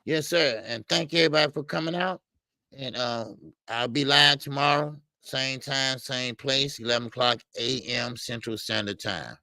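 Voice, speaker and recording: A man's voice: mid-range voice, normal speed, bright, forceful tone, no room sound. A man co-hosting a boxing talk show, rambling with many hesitations. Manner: rambling, hesitant, many uhs and you-knows. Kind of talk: casual boxing chat.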